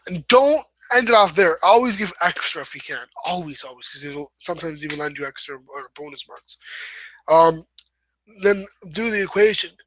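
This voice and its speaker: A young man hosts an informal writing lesson, wandering a little, fixing his own slips and apologizing here and there. He talks at a normal speed in a fairly high, expressive and fairly bright voice. The audio is rough but free of echo.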